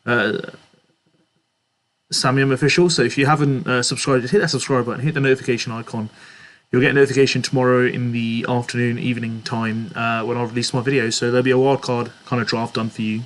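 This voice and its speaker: A man's voice: medium pitch, level tone, quick pace, fairly bright tone. A young man hosting a casual live stream, reading out viewers' chat messages and answering them in a chatty way, often laughing. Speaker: livestream host answering chat.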